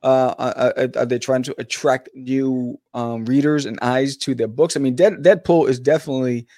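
A man's voice: medium pitch, fairly even intonation, moderate pace, dark tone, no room sound, studio quality. A man co-hosting a casual chat, laid-back with slang and lots of fillers. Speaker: podcast co-host, comic artist.

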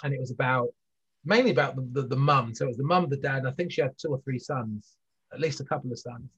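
A man's voice: mid-range voice, fast talker, fairly bright tone, husky, muffled recording. A man talking in a rambling, earnest way as an interview guest, full of restarts and fillers. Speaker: guest, business leader. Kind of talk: conversational interview.

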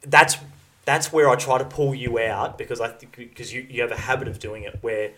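A man's voice: mid-range voice, fairly even intonation, a little fast, a bit bright, low-quality recording. Man, podcast co-host, casual chat, argumentative, stumbling restarts.

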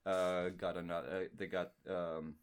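Low-voiced man hosting a podcast. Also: level tone, a little slow, clear, resonant tone. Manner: rambling retelling with many restarts. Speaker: podcast host. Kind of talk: casual podcast chat.

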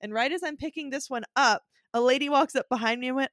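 A young woman co-hosting a podcast in casual chat, relaxed and laughing along. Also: sits high, no echo, studio quality. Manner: relaxed, quick back-channel replies, laughs along. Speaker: podcast co-host.

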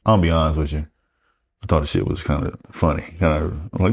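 A man's voice: rumbling low, normal speed, breathy edge. A middle-aged man with a Southern US accent, a retired Air Force guest telling stories casually, profane and acting out quotes. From South Carolina, USA. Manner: animated, profane, acts out quotes in raised voice. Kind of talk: casual storytelling interview.

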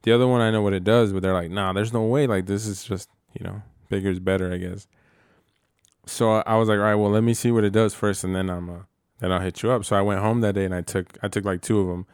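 A man's voice: on the low side, fairly even intonation, fast, darkish tone, clean tone, no echo, clean studio sound. A young man telling loose, profane stories with slang and laughter in casual chat. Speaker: storyteller in a casual podcast chat.

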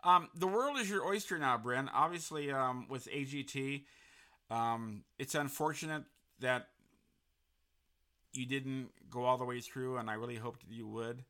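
Man, podcast host, casual interview, rambling, bright voice. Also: mid-range voice. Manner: rambling, many restarts and fillers.

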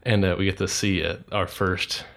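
Low-voiced man in casual chat. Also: normal speed. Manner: animated storytelling, acts out quotes. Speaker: podcast co-host.

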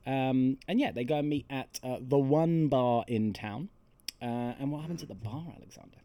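Man, dry deadpan podcast banter. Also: medium pitch, moderate pace, no echo. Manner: joking, deadpan storytelling with swearing. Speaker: podcast co-host. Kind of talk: casual chat, recapping a film.

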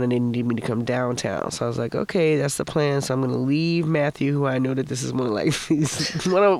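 A man's voice: mid-range voice, no echo. A man casually telling a candid, profane personal story about grief, acting out the voices of the people in it. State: emotional, recalling grief. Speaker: guest sharing a personal story. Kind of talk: casual conversation.

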